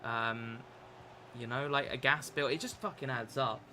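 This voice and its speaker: A man's voice: mid-range voice, steady tone, measured pace, pushed and bright, a little hiss or hum. A young man chatting casually on a live stream while gaming, rambling with lots of fillers and restarts. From England.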